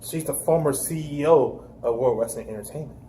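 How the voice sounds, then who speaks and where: A man's voice: fairly high pitch, brisk, warm tone, low-quality recording. A man co-hosting a podcast, chatting casually in a laid-back way and chiming in with short replies. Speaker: podcast co-host. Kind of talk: casual wrestling review chat.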